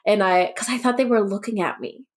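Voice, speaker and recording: A woman's voice: mid-range voice, a little fast. A young woman co-hosting a podcast, telling stories in a casual chat with a sarcastic streak and lots of "like". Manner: storytelling, sarcastic, says "like" a lot. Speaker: podcast co-host.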